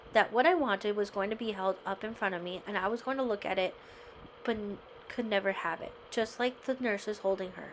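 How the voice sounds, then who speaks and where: A woman host with a medium-pitched voice reads a memoir chapter aloud, then discusses it conversationally, often tagging remarks with "right?". The low-quality recording has a little hiss or hum.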